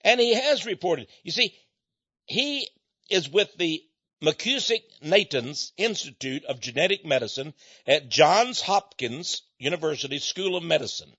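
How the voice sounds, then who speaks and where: Emphatic husky-voiced American man lecturing. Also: lively intonation, unhurried, no echo. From United States. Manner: repeats himself, swings between loud emphasis and low asides. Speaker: speaker delivering a monologue. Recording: dull lo-fi, dry recording.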